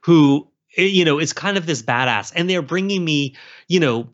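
A man from South Carolina, a guest author chatting in an interview, rambling and animated with lots of fillers and restarts. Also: fairly high pitch, moderate pace. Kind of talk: casual interview chat. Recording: slightly dull lo-fi sound.

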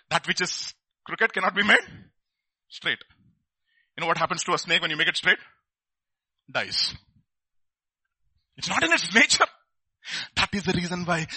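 A man preaching a lively sermon, asking his listeners rhetorical questions and acting out the people in his stories. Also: fairly high pitch, moderate pace, pauses often, slightly rough, dry recording.

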